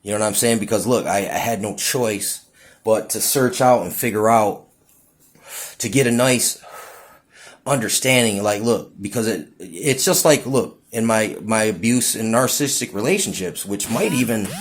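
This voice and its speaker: A man rambling through a casual monologue, stumbling over his words and saying "dude" and "you know what I'm saying" again and again. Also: lowish voice. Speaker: vlogger.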